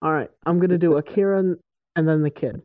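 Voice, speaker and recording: A man's voice: on the high side, fast talker, dry recording. A man playing in a casual tabletop game, offhand and dry in how he talks. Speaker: player. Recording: dry, tinny phone-like line.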